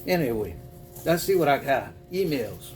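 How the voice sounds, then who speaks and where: His mid-range voice has big pitch swings and a darkish tone at a moderate pace, with a little hiss or hum on the audio. He's a spiritual reading host with a Cajun accent, chatting folksily on a casual livestream at home amid packing to move, reading viewers' messages and calling them boo.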